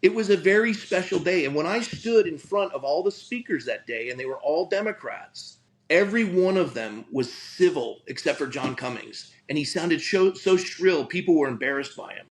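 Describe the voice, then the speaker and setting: An animated middle-aged pastor with a slightly high voice, speaking at normal speed, earnestly shares a personal story in a conversational way. He restarts his sentences often and stammers through repeats. The recording is rough, with slight background noise.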